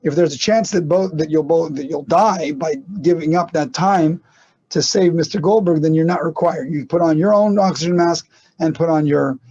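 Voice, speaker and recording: Lecturing man, mellow lo-fi voice. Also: a little high. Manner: conversational, many restarts and rhetorical questions. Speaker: lecturer on medical ethics. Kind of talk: casual online class lecture.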